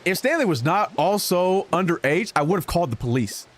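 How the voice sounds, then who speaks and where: A young man streaming a game, telling a long story in a casual, animated way with many restarts. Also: high voice, moderate pace. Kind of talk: casual storytelling while gaming. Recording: music playing in the background.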